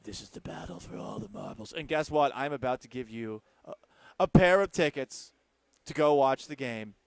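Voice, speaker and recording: A man's voice: medium pitch, fairly quick, creaky, no room sound. A man from Texas hosting sports talk radio, reading promos and taking listener questions in a playful, rambling, self-mocking way. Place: radio studio. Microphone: studio microphone.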